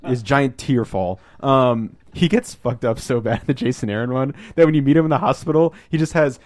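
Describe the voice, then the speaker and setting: A man's voice: mid-range voice, a little mellow, no echo, studio quality. Rambling, profane man on a podcast. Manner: rambling, profane, acts out scenes in quick put-on voices. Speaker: podcast host. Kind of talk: casual podcast film discussion.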